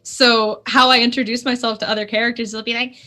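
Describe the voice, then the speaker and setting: A woman with a Canadian accent talks casually as a guest on a live stream, lively and quick to laugh. Her voice is bright and clear. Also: a little high. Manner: lively, chatty, laughs often. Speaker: guest player.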